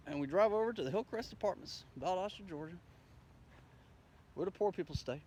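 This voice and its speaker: A man's voice: high voice, animated, brisk, long pauses, darkish tone, slight background noise. A man telling a rambling, profane story in a casual way, acting out the dialogue as he goes. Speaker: storyteller recounting his day.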